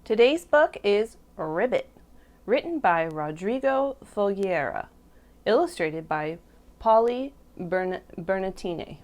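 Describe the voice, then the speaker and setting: A woman teacher reads a storybook aloud to little kids, her pitch swooping up and down as she brings each animal to life. Her voice sits in a middle register, gentle and clear, and she speaks in a warm, encouraging classroom manner. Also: slow pace. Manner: expressive, lively voices for animals. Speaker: preschool teacher. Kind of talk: children's storybook read-aloud.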